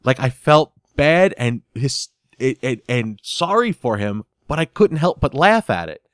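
A man talks through a sitcom episode he loves, giggling as he tells it and often stumbling over repeated words. His voice sits at an ordinary middle pitch. The recording is dry and close, with no room sound around him. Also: unhurried, clean tone, no room sound. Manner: animated storytelling, giggles often, repeats words while he searches for them. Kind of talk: casual episode recap.

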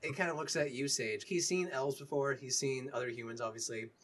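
A man's voice: medium pitch, brisk, a bit bright, distant mic. A man narrating a tabletop game as game master, loose and rambling.

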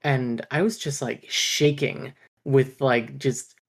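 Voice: fairly even intonation, slow, gravelly. A podcast co-host chatting casually about a book, ranting, swearing and laughing. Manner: swears freely, ranting and laughing, mid-pitch.

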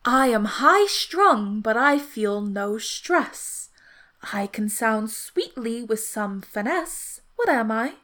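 A woman voicing a scheming male riddle-master in a put-on British accent, reciting riddles slowly and deliberately. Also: on the high side, expressive, fairly bright tone. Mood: measured, theatrical. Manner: slow, measured riddle recital.

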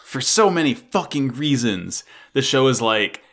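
A man's voice: mid-range voice, expressive, measured pace, a bit bright. A man co-hosting a casual podcast chat about an anime episode, sarcastic and full of profanity. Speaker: podcast co-host.

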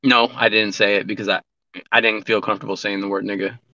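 A man's voice: fairly low pitch, little pitch movement, quick pace, pushed and bright, dry recording. A man in a casual podcast chat, talking candidly and profanely, rambling through many restarts. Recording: dull lo-fi recording.

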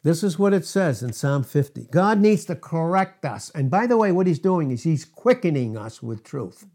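A man preaching a sermon, emphatic and repetitive, quoting scripture with drawn-out stress and laughing between points. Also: a little high, big pitch swings, a little mellow.

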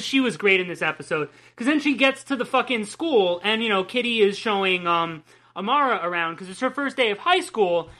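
A woman's voice: medium pitch, a bit bright. A woman co-hosting a podcast, casually and enthusiastically recapping a cartoon episode, swearing freely. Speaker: podcast co-host.

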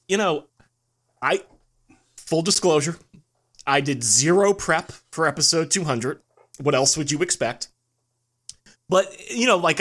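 A man's voice: on the high side, a bit bright. A man co-hosting a podcast in casual chat, teasing dryly and often restarting his sentences. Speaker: podcast co-host.

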